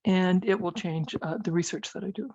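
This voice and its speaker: A woman's voice: lowish voice, normal speed, a little mellow, no echo, muffled recording. A middle-aged woman, a physician and guest in a conversational interview, talking hesitantly with many fillers and restarts.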